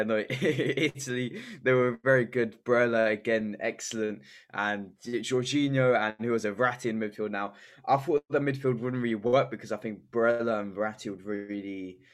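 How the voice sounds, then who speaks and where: A man co-hosting a casual football podcast, excitable and full of fillers and restarts. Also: lowish voice. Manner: hesitant, filler-heavy, excitable. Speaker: podcast co-host.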